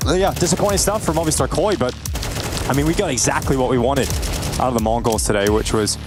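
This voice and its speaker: A man commentating a competitive video game match as caster, calling plays that rise in excitement on big moments, then chatting analysis with his co-caster. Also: medium pitch, quick pace, music in the background. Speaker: esports caster.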